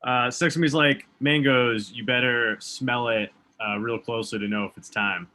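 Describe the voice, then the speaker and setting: Improv player, ums a lot, bright tone. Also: medium pitch, fairly even intonation, moderate pace. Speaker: improv performer. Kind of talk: improv comedy one-liners. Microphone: video call.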